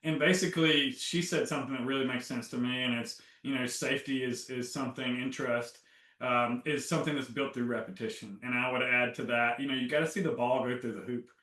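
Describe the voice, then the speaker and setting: A man being interviewed about his healing, animated and acting out his own inner dialogue. His voice is bright and forceful. It comes from a little off the mic in an echoey room. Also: mid-range voice, brisk. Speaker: guest, health coach. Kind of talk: casual interview talk. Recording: roomy, from a distance.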